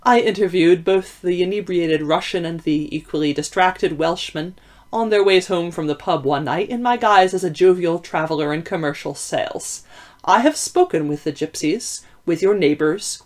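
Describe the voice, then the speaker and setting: A woman reading aloud, voicing a shrewd, formal Victorian male detective with measured, deliberate speech. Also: fairly low pitch, darkish tone, close to an everyday voice. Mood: probing. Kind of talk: audiobook reading.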